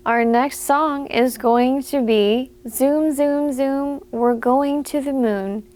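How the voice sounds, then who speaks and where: A woman's voice: sits high, slow pace, darkish tone. A young woman, a children's librarian, leading a preschool story time with playful sing-song songs and action rhymes.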